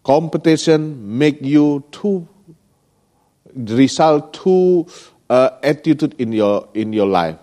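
Slow, lively male pastor. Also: on the high side. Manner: broken English, frequent checking "yeah?" asides. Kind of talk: sermon.

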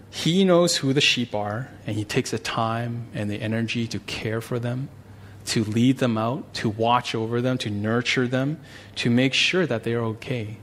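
A male pastor praying, then teaching a Bible passage in a conversational, animated way. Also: mid-range voice, slight background noise. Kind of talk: sermon with prayer.

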